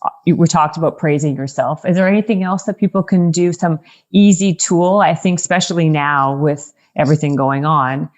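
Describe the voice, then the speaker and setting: A woman hosting a podcast, asking a guest brisk follow-up questions. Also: low-pitched. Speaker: podcast host. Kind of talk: interviewing a guest.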